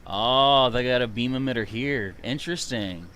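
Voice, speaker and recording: A man giving live gameplay commentary, excitable and chatty, reading out viewer comments. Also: mid-range voice, normal speed, slight background noise. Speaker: streamer playing a video game.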